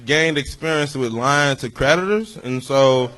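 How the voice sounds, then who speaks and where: A young man, a comedian, bantering and swearing with a panel on a live show, excitable and loud when teased. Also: medium pitch, a little slow.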